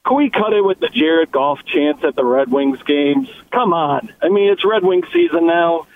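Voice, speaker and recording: A man's voice: fairly high pitch, lively intonation, moderate pace. A man calling in to a sports radio show, ranting in a fired-up way. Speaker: caller. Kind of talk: call-in radio chat. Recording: tinny phone line with faint noise.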